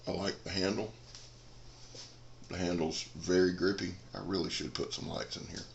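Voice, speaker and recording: A man's voice: low voice, flat delivery, normal speed, vocal fry, echoey room, lo-fi sound, slight background noise. A man, rambling in a folksy casual chat as a knife reviewer in a dim room. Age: 40s.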